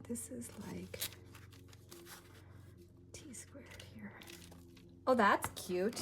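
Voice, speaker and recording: A woman hosting a crafting video offers casual commentary in a mid-range voice, muttering half to herself and trailing off as she works and thinks aloud. The background is noisy.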